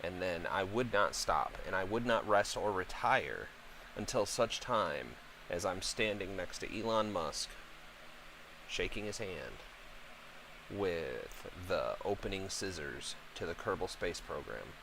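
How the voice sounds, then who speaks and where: Brief: a blunt, joking father who swears freely, with lots of rise and fall in his pitch, as he rambles through a game stream. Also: lively intonation, unhurried, gravelly, noisy background. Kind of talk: casual rambling chat while gaming.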